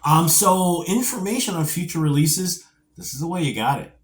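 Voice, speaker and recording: A middle-aged man reviewing a vintage action figure, talking in a rambling, animated way with playful asides and geeky nostalgia. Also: on the high side, moderate pace. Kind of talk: casual video review.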